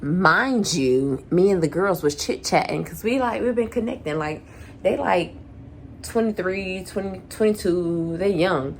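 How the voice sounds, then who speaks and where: A young woman rants through a storytime on her vlog, swearing freely and acting out every line of dialogue she quotes. Her voice has a gravelly fry, with faint noise under the recording. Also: fairly low pitch, moderate pace. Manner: animated, profanity-laced, acts out quoted dialogue. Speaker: vlogger. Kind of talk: profane storytime rant.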